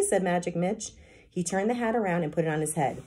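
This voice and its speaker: Low, husky woman reading a children's story. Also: fairly quick. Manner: expressive storytelling narration. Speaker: kindergarten teacher. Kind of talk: reading a children's book aloud.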